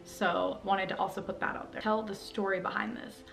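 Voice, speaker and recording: Young woman, vlogger, mid-pitched, rambling candid talk to camera at home, faint music under it. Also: level tone, moderate pace, vocal fry, a bit bright. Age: young adult. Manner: rambling and candid, with many fillers. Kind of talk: personal vlog talking to camera. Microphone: camera mic, talking to camera.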